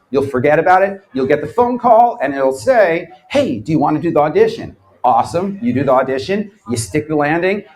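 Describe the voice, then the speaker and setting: A man in his thirties giving a comedic live lecture, sardonic and animated, acting out quotes in his stories. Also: a little high, low-quality recording. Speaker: lecturer, former quiz show champion. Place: bar event space before a live audience.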